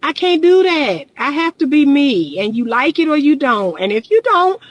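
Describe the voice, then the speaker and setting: A woman's voice: high voice, animated, normal speed, dry recording, rough recording. A middle-aged woman and relationship coach, talking candidly and emphatically in a casual livestream, repeating her points and often laughing.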